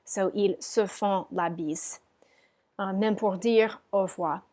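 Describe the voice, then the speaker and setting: A woman's voice: medium pitch, steady tone, takes it slowly, a little mellow. A woman teaching a French class in a recorded lecture, patiently explaining with frequent ums and modelling the phrases aloud.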